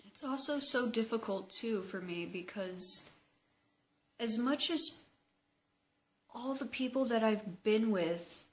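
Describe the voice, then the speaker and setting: A young woman talking slowly and hesitantly in a personal video diary, open and emotional. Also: on the high side. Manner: slow, hesitant, emotional confessional talk. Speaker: vlogger.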